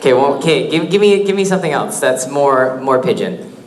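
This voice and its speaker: A man answering audience questions on a convention panel, joking and teasing himself in a quick, easygoing way. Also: mid-range voice, lively intonation. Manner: joking, self-mocking, quick. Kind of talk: casual Q&A on stage. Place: convention hall stage. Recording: echoey hall with crowd.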